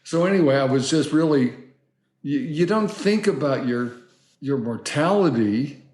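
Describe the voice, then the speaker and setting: A man in his seventies, a filmmaker guest telling his life story in an interview, rambling and animated with many asides. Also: a little high, a little slow, reverberant. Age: 70s.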